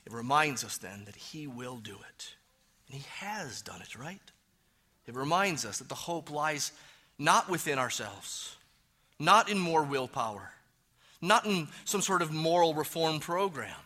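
A man preaching a sermon as pastor, stressing key words loudly and then dropping to hushed, low phrases. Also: very animated, a little slow.

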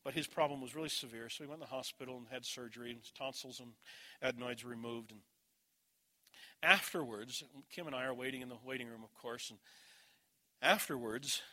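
A man's voice: medium pitch, fairly even intonation, fairly quick, sharp tone. A middle-aged man preaching a sermon, teaching earnestly and telling a personal story.

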